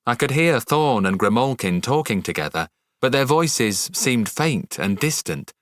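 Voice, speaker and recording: A man narrating a dark fantasy audiobook in the first person, measured and dramatic. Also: medium pitch, very animated, dry recording, clean studio sound.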